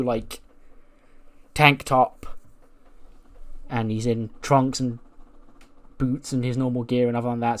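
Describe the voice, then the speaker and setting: A man casually narrating a wrestling booking game in a rambling style full of fillers. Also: medium pitch. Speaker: let's play host.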